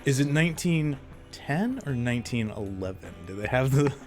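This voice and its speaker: A man's voice: medium pitch, lively intonation, normal speed, darkish tone, faint music behind. A man narrating as game master of a tabletop role-playing game, laid-back and laughing often, with filler words.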